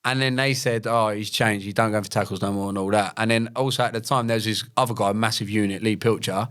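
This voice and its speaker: A man's voice: fairly low pitch, steady tone, fast, fairly bright tone. A young man, a podcast guest telling his life story in a blunt, slangy way with plenty of swearing. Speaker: podcast guest, former paratrooper and fighter. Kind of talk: casual storytelling interview.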